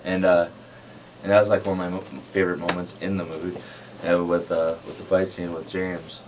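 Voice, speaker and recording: A man's voice: sits low, little pitch movement, brisk, darkish tone. A man, an actor, telling stories from a film shoot in a casual way, with frequent uhs. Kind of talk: casual anecdote. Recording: distant mic, faint hiss.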